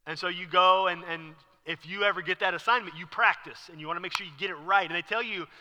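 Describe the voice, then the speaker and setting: A man preaching a conversational sermon from a church, his fairly high voice cutting and bright. He explains the scripture as a pastor, acting out moments with sudden loud bursts. A long reverb hangs on every phrase. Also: fast talker, highs cut off.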